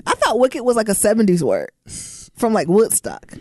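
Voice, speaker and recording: A young woman from Detroit co-hosting a podcast in casual, profane chat with lively asides. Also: medium pitch, normal speed, dry recording. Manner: animated, profane, laughing asides. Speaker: podcast co-host.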